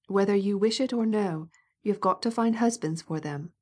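A woman voicing a blunt, domineering fifty-year-old society matron in an audiobook, speaking gruffly and bossily. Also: mid-range voice, normal speed, darkish tone, lightly acted. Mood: scolding. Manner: gruff, scolding and bossy.

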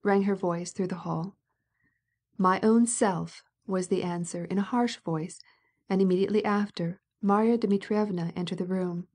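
A woman narrating a classic novel as an audiobook, in a calm, measured, even manner. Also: mid-range voice.

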